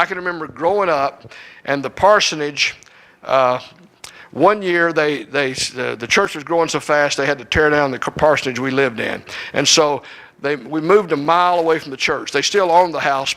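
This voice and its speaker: A man's voice: fairly high pitch, gravelly, pushed and bright, poor audio. A middle-aged man preaching to a church, telling folksy, joking stories. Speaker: guest preacher. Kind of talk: humorous sermon storytelling.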